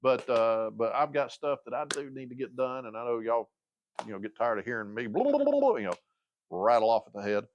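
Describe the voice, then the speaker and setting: Highs are cut off and there's a little hiss or hum as a brisk, medium-pitched man in his fifties hosts a casual livestream, his pitch barely moving. He rambles hesitantly, losing his thread and stacking up uhs and restarts.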